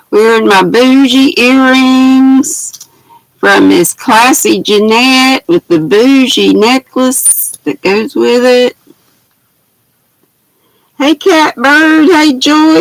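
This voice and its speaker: A woman's voice: high voice, gravelly, dry recording, poor audio. Chatty grandma greeting her viewers. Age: older. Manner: chatty, greets viewers by name with pet names, laughs often. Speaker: craft livestream host. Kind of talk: casual livestream chat. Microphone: laptop built-in mic.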